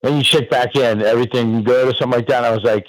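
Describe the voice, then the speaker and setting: A man joking on a radio show, telling loud stories and acting out his own quotes. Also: mid-range voice, rapid-fire, no echo, poor audio. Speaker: guest. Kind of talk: casual radio banter.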